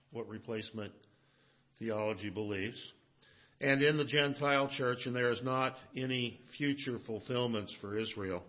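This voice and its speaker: A pastor delivers a sermon with expressive swings, rising for emphasis and dropping low and quiet for asides. His voice sits at an ordinary male pitch. The recording sounds a little dull and muffled. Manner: expressive preaching, swings between emphatic and hushed.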